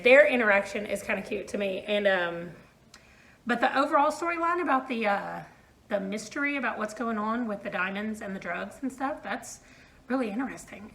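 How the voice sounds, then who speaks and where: A woman's voice: mid-range voice, normal speed, a bit bright, poor audio. A woman in her thirties chatting casually at home in a book vlog, rambling with fillers and little laughs. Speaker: book vlogger. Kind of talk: casual reading vlog chat. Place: room at home.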